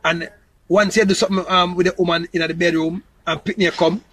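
A man's voice: high-pitched, steady tone, brisk, a bit bright, poor audio. A man with a Jamaican accent in a loose, rambling casual monologue, repeating himself and often asking if you understand. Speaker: entertainer promoting his new song.

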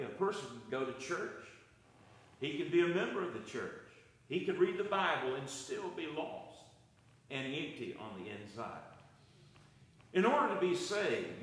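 In a church, a pastor preaches a Bible study sermon, his delivery rising and falling for emphasis. His mid-range voice is a bit bright. The low-quality recording carries heavy reverb.

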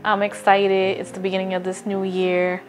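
A woman's voice: mid-range voice, monotone, moderate pace, slight background noise. A woman talking straight to her phone camera in a casual, earnest vlog, encouraging viewers and often stopping to restart a thought. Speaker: vlogger. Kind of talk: casual motivational talk to camera.

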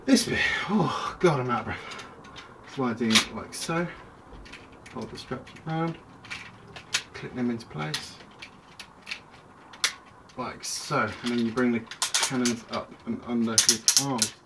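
A man's voice: medium pitch, fairly even intonation, takes it slowly, pauses often. A man casually reviewing a toy at home, chatty and rambling, often breaking off mid-sentence. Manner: rambling, chatty, self-interrupting. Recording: distant mic with clear background noise.

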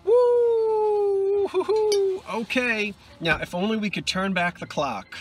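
A middle-aged man vlogging his thrift hunting, chatty and quick to exclaim over each find. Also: on the high side. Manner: excitable, exclaims over finds, chatty asides. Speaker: antiques and vintage reseller. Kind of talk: casual thrifting vlog. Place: in a car and a thrift store.

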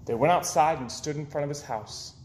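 A man reading children's picture books aloud in an expressive storytelling voice. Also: on the high side, fairly quick, roomy sound, slight background noise. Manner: expressive, with swoops up and down. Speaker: children's book reader.

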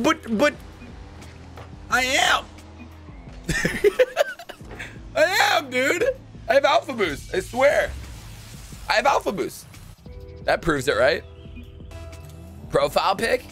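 A young man in casual, jokey gameplay commentary, excitable and quick to shout and laugh. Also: on the high side. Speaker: gaming YouTuber.

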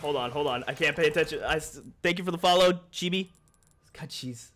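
A man's voice: on the high side, a little fast, fairly bright tone, slight background noise. A man streaming a video game, talking to his chat in a rambling, profane way, heated and then apologetic. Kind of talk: live-stream chat while gaming.

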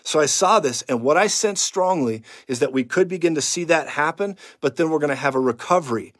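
A man preaching and praying over his audience as a prophetic minister, fervent and declaring, sometimes dropping to a hushed tone to tell of a vision. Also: on the high side, fairly quick, dry recording, clean studio sound. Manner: fervent, declaring, rising to loud proclamations; drops to hushed, intimate recounting of a vision.

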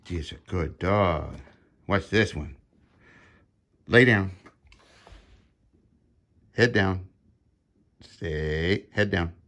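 Middle-aged man, low voice, unhurried, warmly coaxing short commands like a home vlogger. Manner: slow, easygoing, praising a dog in short commands. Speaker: dog owner filming a training demo. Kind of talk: casual vlog, giving commands to a dog. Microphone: handheld camera he films himself.

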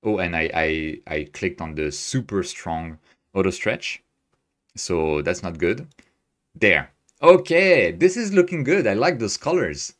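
A man with a low, expressive voice speaks a little slowly while hosting a live astrophotography stream from his home desk in Tokyo. He thinks aloud as he works through a screen tutorial and cheerfully answers viewers' chat.

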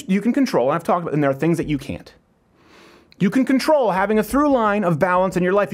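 A male talk show host giving an emphatic pep talk. His voice sits high for a man and swings widely in pitch as he drives home his points on a studio mic. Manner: emphatic, pep-talk delivery with repeated phrases. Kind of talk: motivational monologue.

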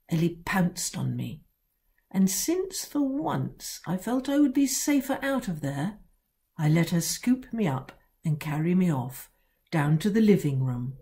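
A woman author reading her own children's book aloud in a wry, sly first-person storytelling voice with dramatic pauses. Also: on the low side, lively intonation, dark tone.

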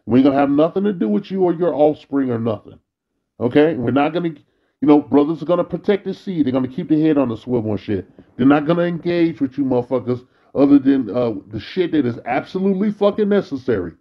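A man's voice: a little high, animated, fast talker, dull audio. A man delivering a bitter, weary, profanity-heavy monologue as a vlogger. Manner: bitter, weary ranting, frequent cursing.

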